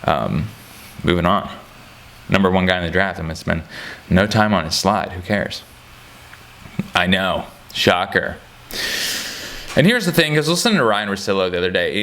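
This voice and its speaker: Low-voiced man rambling about basketball. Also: lively intonation, moderate pace, long pauses, fairly bright tone. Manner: rambling, joking, many fillers and restarts. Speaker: sports commentator. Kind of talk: casual chat.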